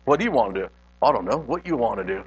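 A man's voice: medium pitch, very animated, very fast, slightly rough. A man voicing bored cartoon buzzards in an imitated English accent, in a dull lo-fi recording. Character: bored cartoon buzzards bickering back and forth.

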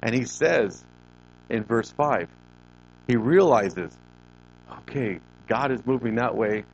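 A man's voice: medium pitch, animated, slow. A male pastor preaching a sermon, building to emphatic rises and stretching out key words. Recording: dull lo-fi recording with faint noise.

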